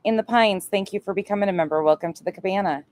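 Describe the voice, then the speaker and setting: A woman's voice: mid-range voice, fast, a little mellow. A woman giving reaction commentary on a clip, blunt and profane. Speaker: commentary streamer.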